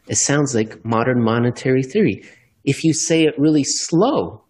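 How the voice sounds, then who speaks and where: A man's voice: mid-range voice, moderate pace. Guy hosting a podcast, asking the guest questions, a bit wry. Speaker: podcast host. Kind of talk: podcast interview.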